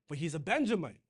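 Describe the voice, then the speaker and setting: A man preaching a sermon in a conversational way, reading scripture aloud and retelling it in casual slang. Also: a little high.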